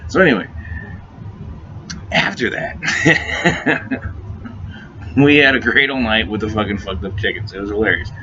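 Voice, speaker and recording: Male storyteller, lowish and forceful, profane and giggly, faint hiss on a muffled recording. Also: fairly even intonation, measured pace, long pauses. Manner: profane, laughing often, repeats and restarts words. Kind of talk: casual anecdote. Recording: dull lo-fi recording with faint noise.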